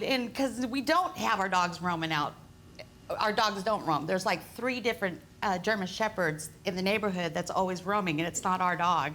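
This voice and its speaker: A woman, wife of the defendant, giving lively testimony on a TV court show and acting out what people said. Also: mid-range voice, normal speed, slight background noise. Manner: animated, acts out quotes loudly.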